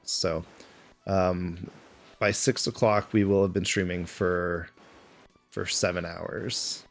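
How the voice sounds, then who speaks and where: A man's voice: low-pitched, steady tone, takes it slowly, gravelly. A man with a Canadian accent, chatting casually on a live stream and answering viewers' questions aloud. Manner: chatty, answers chat questions aloud between game moments.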